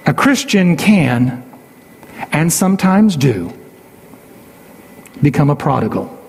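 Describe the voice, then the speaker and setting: High-voiced emphatic preacher in reverb. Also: male voice, big pitch swings, slow pace, creaky, a little mellow, slightly rough. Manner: emphatic, repeats key phrases, voice rises and falls widely. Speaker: pastor. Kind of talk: sermon.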